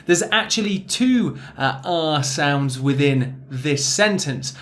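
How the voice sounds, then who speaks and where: A man's voice: fairly high pitch, animated. A man from Northern England with a Northern English accent, teaching pronunciation in a recorded lesson and drawing out the example words with care. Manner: slow, careful, stretching example words.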